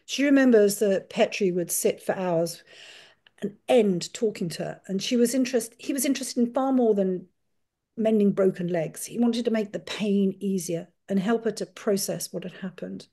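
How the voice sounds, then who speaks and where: A woman author giving a talk, telling a family history in an earnest, measured storytelling way. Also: medium pitch, warm tone. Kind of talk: storytelling lecture.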